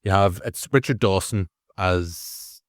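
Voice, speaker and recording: A Northern Irish man co-hosting a movie review podcast, rambling casually with restarts and animated asides. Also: deep voice, slow pace, no room sound, clean studio sound. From Northern Ireland. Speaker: podcast co-host.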